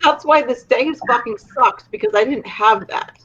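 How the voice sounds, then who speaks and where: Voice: medium pitch, moderate pace, bright, forceful tone, slightly rough, muffled recording. A friend on a group video call, eager and laughing often, swearing casually.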